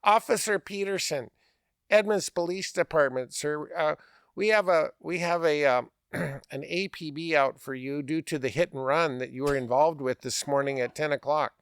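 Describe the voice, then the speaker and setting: A man's voice: fairly high pitch, normal speed, fairly bright tone, smooth, no room sound, studio quality. A man voicing a stern, officious male police officer who speaks formally and keeps saying "sir".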